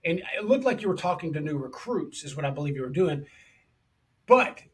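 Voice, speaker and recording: An enthusiastic male podcast host, talking in a loose, casual way and calling his guest brother. His voice sits a bit higher than most men's. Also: very animated, brisk. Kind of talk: casual interview chat.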